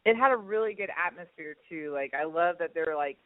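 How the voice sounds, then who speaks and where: A man's voice: a little high, expressive, fairly quick, no room sound. A man co-hosting a radio talk show, giving agreeable, supportive reactions in casual chat. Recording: tinny phone-like radio sound, dry.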